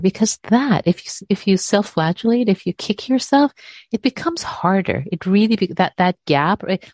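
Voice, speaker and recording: A woman meditation teacher answering a question in a gentle, soothing talk, repeating words and trailing off. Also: medium pitch, animated, moderate pace, no room sound, studio quality.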